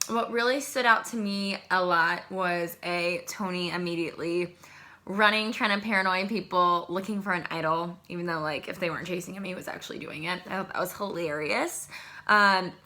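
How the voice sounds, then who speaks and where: A young adult woman casually recapping a reality show to camera in an excitable, chatty way. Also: on the low side, moderate pace. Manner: chatty, excitable, animated asides. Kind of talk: casual chat.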